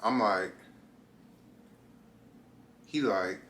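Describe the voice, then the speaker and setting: A young man in his twenties telling a storytime to camera in a casual, animated way, talking straight to viewers and jumping into high voices for quoted lines. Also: drawn-out words. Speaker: vlogger.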